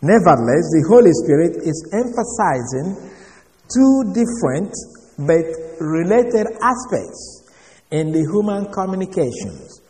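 A male preacher teaching from scripture, his voice rising and falling with animated intonation. He speaks deliberately, spelling words out letter by letter. The recording carries a long reverb from a large hall. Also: high voice. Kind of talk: sermon-style Bible teaching.

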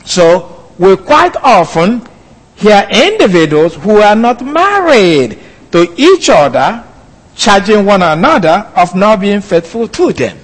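A man preaching a sermon in a deliberate, emphatic way, stressing quoted phrases slowly. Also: high voice, very animated, in a large hall, low-quality recording.

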